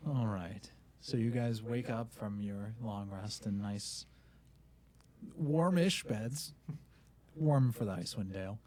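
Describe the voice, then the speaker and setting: A man narrating a tabletop game as game master, relaxed and hesitant with many fillers. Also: fairly low pitch, takes it slowly.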